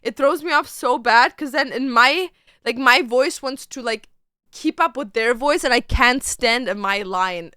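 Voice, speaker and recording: A young woman streaming from home, chatting casually with her viewers, animated and swearing freely as she rants. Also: high-pitched, measured pace, clean tone, dry recording, clean studio sound. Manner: chatty, talks to chat between bursts of singing. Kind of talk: casual livestream chat.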